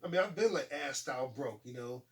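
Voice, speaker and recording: Animated forty-something man, slightly distant mic. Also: mid-range voice, fairly quick. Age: 40s. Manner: animated, laughing storyteller acting out quotes. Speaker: talk show host. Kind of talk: casual chat.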